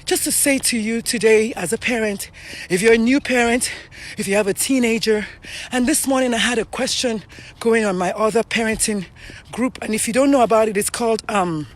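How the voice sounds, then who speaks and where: Hosting a casual live stream, a middle-aged Nigerian woman with a voice on the high side talks earnestly and chattily to viewers. She's outdoors, walking uphill and short of breath.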